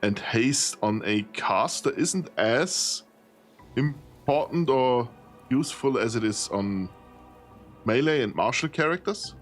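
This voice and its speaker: A man's voice: medium pitch, expressive, slow, soft background music. A tired man streaming a role-playing game, thinking aloud as he sorts loot, often laughing. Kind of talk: casual gameplay commentary.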